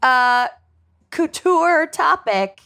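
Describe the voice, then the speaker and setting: Lively, high-voiced woman podcast host. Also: drawn-out words. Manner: animated, explains at length. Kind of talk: casual podcast chat.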